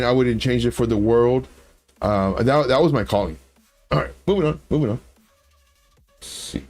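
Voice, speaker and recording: Male streamer, chatty storyteller, mid pitch, faint music underneath. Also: darkish tone. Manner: rambling, storytelling, many restarts. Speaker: livestream host. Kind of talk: casual livestream chat.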